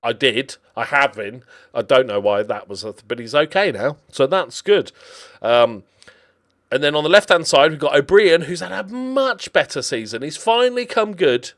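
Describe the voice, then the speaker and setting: A man's voice: a little high, normal speed. A man gives casual, chatty commentary on his video game season, with many fillers and restarts. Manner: chatty and animated, with lots of fillers. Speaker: gaming commentator.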